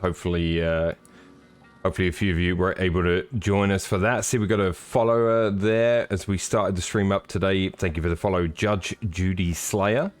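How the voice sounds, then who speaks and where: A man with a fairly low voice hosts a sim racing live stream. He talks in a loose, rambling way, cracking jokes and greeting viewers. Faint music plays underneath. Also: steady tone, moderate pace, smooth, no echo. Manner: jokey, rambling, chatty with viewers. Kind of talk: casual live-stream commentary.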